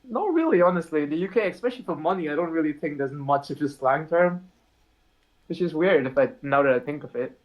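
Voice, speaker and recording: A man's voice: fairly high pitch, lively intonation, a little fast, lo-fi sound. A man guest on a casual podcast, easygoing and laughing along, often hedging his opinions.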